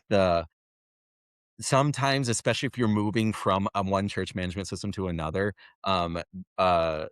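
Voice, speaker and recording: A man giving casual interview answers in a fairly low voice, pausing and restarting as he works out his points. The sound is dry and close. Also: no echo. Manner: halting, with many fillers and restarts. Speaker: software company guest.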